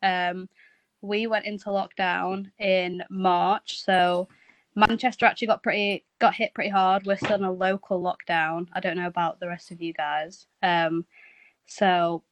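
A woman's voice: medium pitch, steady tone, moderate pace, no room sound, rough recording. A woman giving an informal update on a project, explaining plainly with many ums. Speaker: charity project worker.

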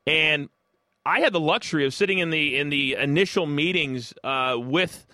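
Guest, man from Kansas City, bright forceful voice, dry studio sound, chatty storyteller. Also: a little high, moderate pace, no room sound. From Kansas City, United States. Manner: rambling, enthusiastic, many fillers. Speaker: guest, former sports broadcaster. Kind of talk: casual interview storytelling.

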